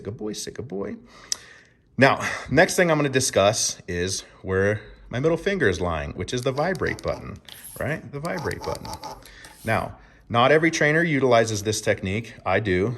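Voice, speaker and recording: A man explaining dog training to owners in an emphatic teaching tone, often checking in with "right?". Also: lowish voice. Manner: emphatic, keeps asking "right?".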